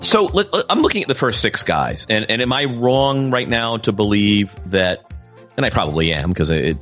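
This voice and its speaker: A man podcast host asking halting, searching questions in a basketball discussion. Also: lowish voice, very animated, highs cut off, over music.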